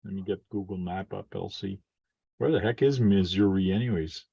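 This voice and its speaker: Male friend on a stream, low easygoing voice, short answers; dry, muffled lo-fi recording. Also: normal speed, creaky, mellow, slightly rough, no room sound. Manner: laid-back, brief replies. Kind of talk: casual chat. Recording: dull, dry lo-fi audio.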